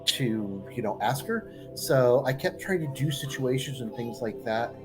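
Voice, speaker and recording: A man's voice: mid-range voice, animated, unhurried, over music. Dry-voiced man telling an anecdote. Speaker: player. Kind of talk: casual anecdote at a game table.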